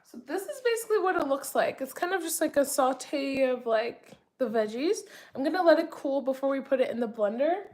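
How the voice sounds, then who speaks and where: A woman's voice: high-pitched, animated, a little fast, background noise. A young woman chatting casually to her viewers while cooking in her home kitchen, full of fillers and asides. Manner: chatty, many fillers, talks to viewers directly. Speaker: cooking vlogger.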